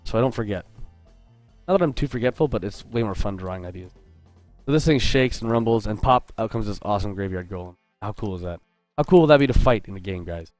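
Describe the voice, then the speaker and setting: Talking fast and animatedly, a game artist hosts a casual drawing livestream, welcoming viewers and joking while cutting himself off mid-thought. His voice is lowish and a little mellow, with no echo and soft music playing behind.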